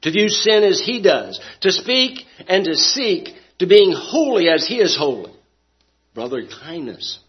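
A man preaching with a somewhat high voice, pressing his points with rhetorical questions. He swings between loud, emphatic lines and quiet, low ones. The recording sounds dull and lo-fi. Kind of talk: sermon.

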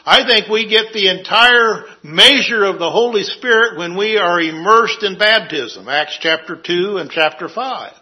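A man preaching an earnest sermon, walking through scripture verse by verse. His voice sits high and sounds very bright. He speaks slowly and sometimes drops to a hush for emphasis. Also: poor audio.

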